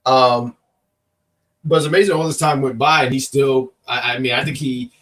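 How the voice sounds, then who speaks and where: A man's voice: mid-range voice, steady tone, normal speed, fairly bright tone, distant mic. Rambling male co-host, a little off-mic. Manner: rambling, joking, reads chat comments aloud. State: working with a cough. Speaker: co-host of a wrestling review show. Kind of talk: casual live-stream chat.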